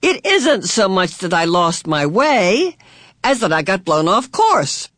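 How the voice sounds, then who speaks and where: Man doing a creaky eccentric old woman, quaint folksy drawl, high voice, odd timbre, storybook. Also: sing-song, fairly bright tone, no room sound, studio quality, exaggerated voice. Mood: whimsical. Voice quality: creaky voice like an unoiled gate. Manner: quaint, folksy, slow and drawn-out.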